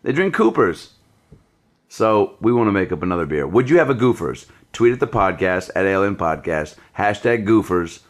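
A man's voice: on the low side, moderate pace. A man hosting a podcast, chatting casually and telling stories with frequent laughter. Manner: laughing, animated storyteller. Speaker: podcast host. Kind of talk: casual chat.

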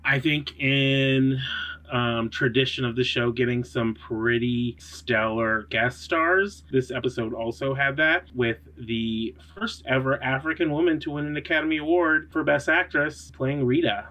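Male podcast co-host, relaxed and chatty. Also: mid-range voice, measured pace. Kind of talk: casual chat.

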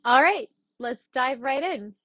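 A young adult woman hosting her own podcast, talking in a chatty, blunt and animated way, with the odd swear word. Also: sits high, a little slow, no echo, highs cut off. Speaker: podcast host. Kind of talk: casual solo podcast monologue.

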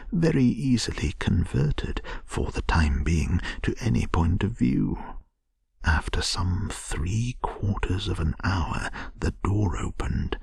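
A man softly whispering a soothing bedtime story as storyteller. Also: sits low, vocal fry, breathy edge, no room sound, clean studio sound.

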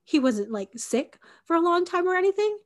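Her voice is very high and sing-song, at a normal speed. She's a woman in her twenties telling a personal story on a casual podcast, leaning on "like" and other fillers and acting out quoted dialogue in a conversational way.

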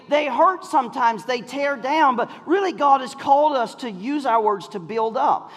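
A middle-aged man preaching a sermon, telling a story in an animated way, often laughing and shouting. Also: very high voice, slightly rough. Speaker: pastor. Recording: long hall reverb.

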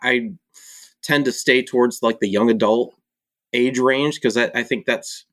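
A man's voice: medium pitch, fairly even intonation, a bit bright, dry recording. Self-deprecating man, dry close voice. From Michigan. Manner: laughing, self-deprecating, halting with fillers. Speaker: guest, author and publisher. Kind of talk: casual conversation.

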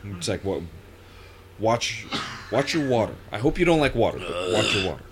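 A man hosting a podcast in casual chat with friends, laughing often and breaking into loud bursts of protest. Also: on the low side, sing-song, moderate pace, background noise. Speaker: podcast host.

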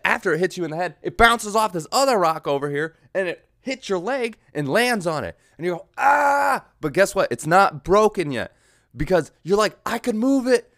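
A man talks his way through a loose comedic monologue, his pitch leaping and dropping as he goes. He breaks into yelled mock voices and stops to find his train of thought. The sound is dry and close to the mic. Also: animated, brisk, no room sound. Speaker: podcast host. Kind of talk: rambling solo comedic monologue.

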